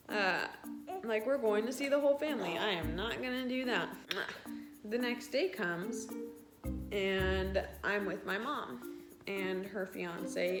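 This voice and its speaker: Chatty teen girl telling a storytime. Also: mid-range voice. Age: late teens. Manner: chatty and filler-heavy, retells scenes in quoted asides. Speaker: vlogger. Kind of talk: casual storytime.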